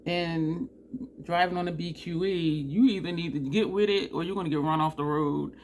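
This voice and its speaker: A woman from New Jersey chatting casually through a makeup tutorial, animated and laughing often. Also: fairly low pitch, moderate pace, slight background noise. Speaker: beauty vlogger.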